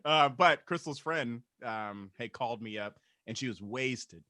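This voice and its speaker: Bright-voiced rambling man, dry sound. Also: medium pitch, measured pace, no echo. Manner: rambling storyteller, swears freely. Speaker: podcast co-host. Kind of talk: casual comedic chat.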